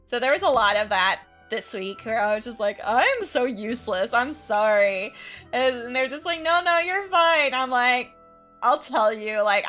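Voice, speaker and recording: A woman's voice: medium pitch, pushed and bright. A young woman teacher chatting casually while she plays a game, rambling with many fillers and restarts and laughing often. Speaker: teacher and content creator. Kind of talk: casual storytelling chat while gaming.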